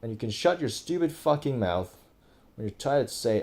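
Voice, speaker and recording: A man's voice: medium pitch, sing-song, moderate pace, a little mellow. Profane, exasperated young-sounding man ranting. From Thailand. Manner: profane, exasperated, frequent fillers. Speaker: political commentator. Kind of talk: casual ranting commentary. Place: indoors over screen recording.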